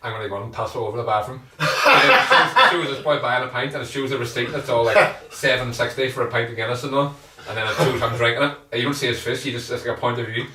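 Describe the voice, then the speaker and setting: A man's voice: mid-range voice, quick pace, distant mic, background noise. A man co-hosting a podcast, telling stories with laughs and swearing. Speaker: podcast co-host. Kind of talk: casual chat. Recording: roomy, off-mic sound.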